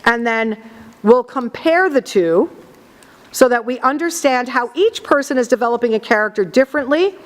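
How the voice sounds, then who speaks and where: A woman's voice: fairly high pitch, animated. Woman teacher in an echoing classroom. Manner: slow, deliberate, explanatory. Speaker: drama teacher. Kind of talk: classroom instruction. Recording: long reverb in a classroom.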